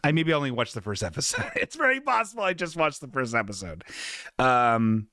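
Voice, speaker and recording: A man's voice: medium pitch, big pitch swings, a little fast, bright, forceful tone, dry recording, studio quality. A man hosting a live podcast, reading out chat messages in a loose, jokey way, swearing freely and slipping into silly voices for the people he quotes. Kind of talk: casual live-stream chat.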